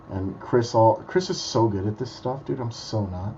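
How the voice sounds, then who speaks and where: A man's voice: on the low side, moderate pace, mellow, muffled recording, a little hiss or hum. A man who is a magician, telling stories bluntly and swearing freely in a casual podcast chat. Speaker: guest magician.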